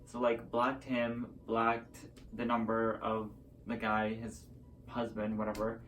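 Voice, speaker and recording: A man's voice: on the low side, monotone, slow, a bit bright, recorded from a distance, a little hiss or hum, low-quality recording. A young man telling a story to a camera at home in a rambling, casual way, full of fillers, and acting out both sides of each conversation. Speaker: vlogger.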